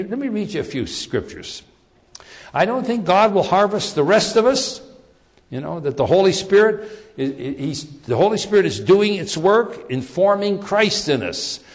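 A man preaching a sermon, reading and explaining scripture, often repeating words and slowing down for emphasis. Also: a little high, in a large hall.

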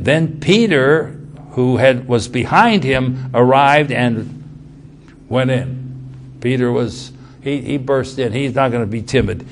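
A male preacher reading scripture aloud and commenting on it, swinging from loud, urgent passages to hushed ones. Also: mid-range voice, slight background noise. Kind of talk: sermon.

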